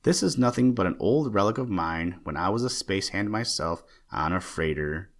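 A man voicing a fussy, excitable old male stamp collector with a chattering, genteel manner. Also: sits low, normal speed. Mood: earnest. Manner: chattering, genteel, easily indignant.

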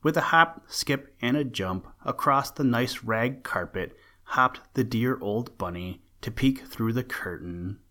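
A man narrating an old-fashioned children's storybook in a gentle storytelling manner. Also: medium pitch, unhurried, hardly any pauses.

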